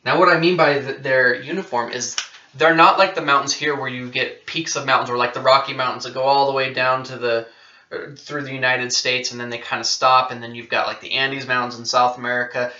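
A man's voice: medium pitch, steady tone, a little fast, sharp tone. A male science teacher giving a conversational classroom lecture at a whiteboard, often checking in with "okay?" and correcting himself as he goes. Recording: roomy, distant and dull-sounding.

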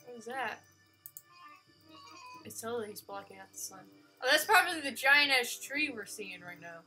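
Woman, let's play commentary, high bright voice, unhurried, gushing and excitable. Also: faint music behind. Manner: swears casually. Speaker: let's player. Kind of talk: live gameplay commentary.

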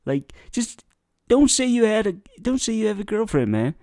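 Loud heckling man, dry close mic. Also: high-pitched, big pitch swings, normal speed, creaky, no echo. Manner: loud, profane, heckling, swings into shouting. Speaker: reaction commentator. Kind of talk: mocking reaction commentary.

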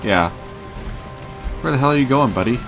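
A man's voice: mid-range voice, lively intonation, normal speed, fairly bright tone, soft background music, poor audio. A young man casually commentating a shooter game, joking crudely and reacting aloud to what happens on screen. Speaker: gaming channel host. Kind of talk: casual let's play commentary.

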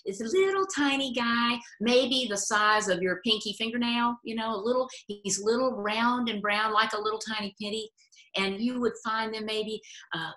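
In a relaxed interview, an older woman who once worked as an aquatic biologist and educator recounts stories with lively energy and frequent laughter. She speaks in a bright, forceful, mid-range voice, recorded with a roomy sound.

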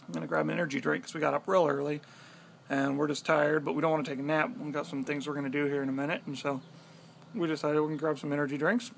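A young man casually telling a story to the camera, animated and swearing freely. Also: on the high side, creaky, a little hiss or hum. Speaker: vlogger.

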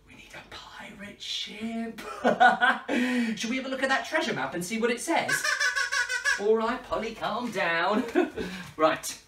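A woman hosting a children's party show, playful and high-energy with lots of laughter. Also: a little slow, fairly bright tone, a little hiss or hum. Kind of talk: lively children's show patter. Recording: echoey room, distant mic, faint music.

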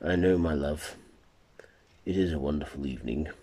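A man voicing a polite young gentleman, earnest and slightly raised in pitch. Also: moderate pace, breathy edge. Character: polite young male suitor, puzzled.

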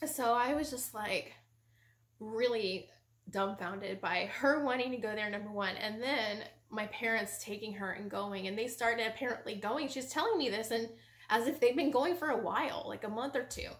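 A woman recounts her faith story in a relaxed, conversational testimony. Her voice sits a touch high and keeps circling back with casual fillers. The room around her adds a noticeable echo. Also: normal speed. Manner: chatty, fills speech with "like" and "you know". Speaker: Christian ministry host giving her testimony. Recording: roomy echo.

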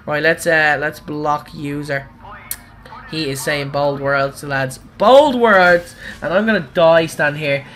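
A man commentating his own gameplay on a live stream, chatting to viewers as he drives. His voice is bright and sharp, and he yelps loudly at every crash. A faint hum of noise sits under him. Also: fairly high pitch, unhurried. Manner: excitable, cries out at crashes and wins.

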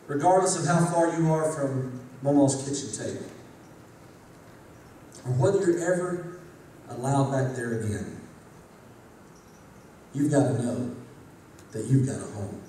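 A man in his forties, a former pastor, speaking to an audience in a rhythmic preaching cadence that swings from loud to hushed. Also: mid-range voice, animated, measured pace, pauses often. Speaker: former pastor giving a talk. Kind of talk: preacher-style speech to an audience. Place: large hall with a live audience. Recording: echoey hall from far off, faint noise.

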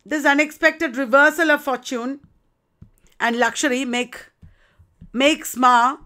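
A woman's voice: sits high, steady tone, slow pace, pushed and bright. A woman literature lecturer explaining a play, addressing students with rhetorical questions.

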